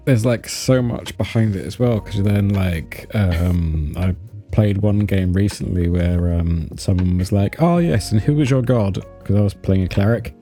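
A man's voice: low-pitched, unhurried, soft background music. A young man hosting an interview podcast, talking casually with lots of ums. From United Kingdom. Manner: lively, laughing, hesitant with ums. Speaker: podcast host.

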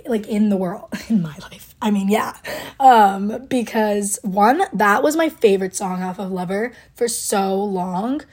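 A woman's voice: mid-range voice, a little mellow, husky. A young woman hosting a podcast, gushing and rambling in casual fan chat, full of likes and ums. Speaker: podcast host.

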